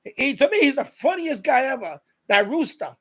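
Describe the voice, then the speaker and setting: A man's voice: very high-pitched, very animated, normal speed, breathy edge. A man hosting a live stream, chatting casually and rambling, repeating himself and reading viewer comments aloud.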